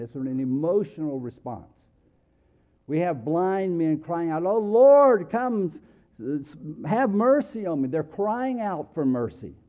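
A man preaching a sermon, moving between loud, emphatic calls and hushed, quiet passages. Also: fairly high pitch. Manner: dynamic, swings from loud exclamations to hushed near-whispers.

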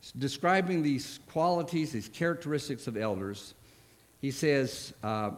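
A man's voice: mid-range voice, a little slow. A man preaching a sermon in a church, talking in a conversational way and often restarting his phrases. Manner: conversational, with frequent restarts and asides.

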